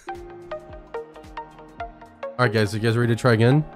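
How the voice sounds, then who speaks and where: A woman streaming a game live, animated and loud, laughing, shrieking and swearing into a studio mic. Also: extremely low pitch, a little fast, long pauses, soft background music. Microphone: studio dynamic mic.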